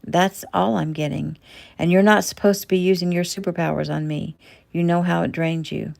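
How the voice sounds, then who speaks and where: A woman's voice: on the low side, steady tone, normal speed, gravelly, a little mellow. A woman voicing an exhausted young man speaking weakly from a hospital bed. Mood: weary. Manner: weak, tired.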